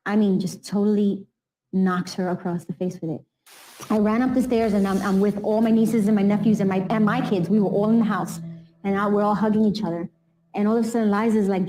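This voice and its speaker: Earnest woman with a mellow voice. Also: mid-range voice, slight background noise, rough recording. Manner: earnest, quotes people in raised voice. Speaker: documentary interviewee. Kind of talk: emotional recounting.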